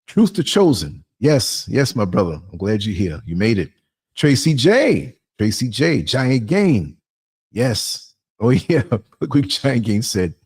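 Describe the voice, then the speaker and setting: A man's voice: mid-range voice, big pitch swings, takes it slowly, a little mellow, breathy edge. Man, livestream host, chatty, laughs a lot, reads chat. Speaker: podcast host. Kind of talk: casual livestream talk.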